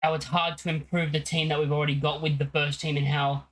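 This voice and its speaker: A man's voice: fairly high pitch, flat delivery, quick pace, fairly bright tone, low-quality recording. A young man talking casually as a football fan channel host, rambling, with many fillers and restarts.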